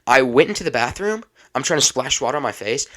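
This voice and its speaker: A man's voice: mid-range voice, fast talker, dry recording. Man telling a story in a dry room. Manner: animated, laughing while telling a story. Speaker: podcast host. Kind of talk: casual storytelling.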